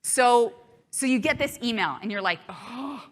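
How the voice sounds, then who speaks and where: A woman's voice: fairly high pitch, expressive, moderate pace, a bit bright. A woman keynote speaker giving a chatty live talk to an audience, acting out inner thoughts playfully.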